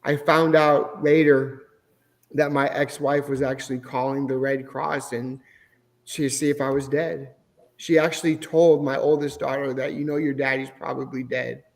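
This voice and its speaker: A man's voice: medium pitch, flat delivery, measured pace. A middle-aged man, a podcast guest, telling his personal faith testimony in an earnest, emotional way. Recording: long hall reverb.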